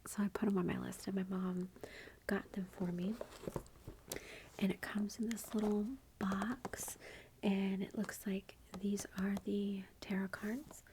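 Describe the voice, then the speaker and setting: A woman hosting an ASMR channel, chatting in a soft whisper about her gifts while feeling unwell, with a self-deprecating touch. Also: medium pitch, flat delivery, a little slow, background noise. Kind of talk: whispered ASMR haul commentary.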